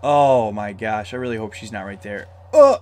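A man playing a horror puzzle game as a let's-play, easily startled, yelling when scared and talking himself through the tense parts. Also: lowish voice, normal speed. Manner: excitable, shouts in fright, talks himself through scares. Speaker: gamer.

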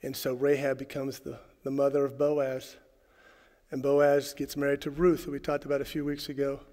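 A man preaching a sermon as pastor, swinging from loud, fervent lines to soft, hushed asides. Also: medium pitch, monotone, normal speed, big-room sound. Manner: preacherly, rising to shouts and dropping to hushed tones. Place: church sanctuary.

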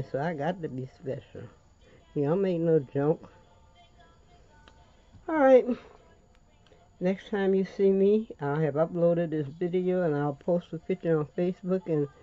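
A woman's voice: low-pitched, warm tone, lo-fi sound. An older woman with a Louisiana accent hosting a chatty crafting tutorial, folksy and rambling, calling viewers honey.

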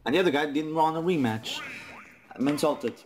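A man's voice: on the high side, brisk, crowd noise. A young man commentating on his own online matches, frustrated and swearing a lot as he rants. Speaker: gaming YouTuber. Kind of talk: gameplay commentary. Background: faint game music.

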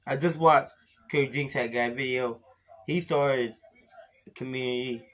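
A tipsy man rambles at the camera in a home-made vlog. His talk is slurred and full of curses, and he lurches between grumbling and sudden bursts of yelling. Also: mid-range voice, a little slow, pauses often. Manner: slurred, profane and insulting, with sudden shouts. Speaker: beer vlogger. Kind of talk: rambling profane vlog rant.

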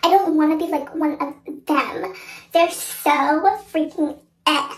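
Woman playing her squeaky, gushing teen self, high and excitable. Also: slow pace, slight background noise, poor audio. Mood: prim. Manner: high-pitched, breathless, gushing.

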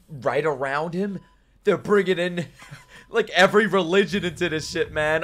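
A young man streaming his reactions to an anime, talking casually with lots of swearing and sudden shouted outbursts. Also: on the high side, unhurried.

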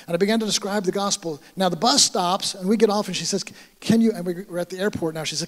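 A high-pitched American man preaches a sermon, acting out the conversations in his story with animated energy. His voice rings through a church hall with a long reverb trail. He is a pastor speaking to his congregation. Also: fast talker. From United States.

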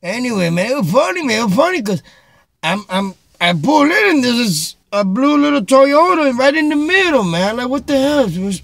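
Animated man telling a street story. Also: very high voice, moderate pace, creaky, no echo. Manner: animated, mixes Spanish phrases, repeats "man". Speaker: vlogger. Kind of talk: casual storytelling. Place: Chicago.

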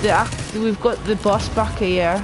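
A woman with a Geordie accent streaming a shooter game, chatting casually with friends and letting out excited exclamations. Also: mid-range voice, measured pace, background noise. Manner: swears freely, excitable exclamations. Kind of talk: casual gameplay chat.

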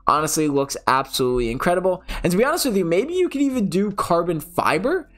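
A man's voice: high voice, very animated, fast. A young man from the New York area chatting casually over game footage, often correcting himself mid-sentence. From New York City area. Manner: chatty, self-correcting, rambling. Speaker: gaming channel host.

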